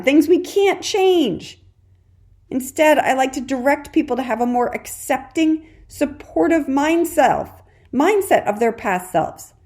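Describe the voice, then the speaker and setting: A woman's voice: high voice, animated, measured pace. Woman podcast host, casual and reassuring, talks to the listener one on one, peppers her talk with "okay". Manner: warm encouraging, addresses listener as "dear warrior"; chatty with frequent "okay" and laughs. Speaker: podcast host and parenting coach.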